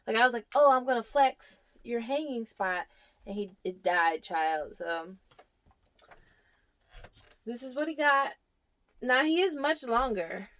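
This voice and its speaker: A woman's voice: fairly high pitch, lively intonation, a little slow, long pauses, fairly bright tone. A young woman giving a casual tour of her houseplants, chatting fondly to them and sometimes dropping to a near whisper. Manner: drops to a near whisper at times. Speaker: plant vlogger. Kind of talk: casual plant tour vlog.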